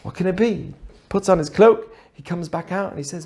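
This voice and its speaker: A man teaching through an animated story, acting out the characters as he goes. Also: high voice, a little fast, vocal fry. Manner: animated, acts out the voices in his stories. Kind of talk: storytelling lesson.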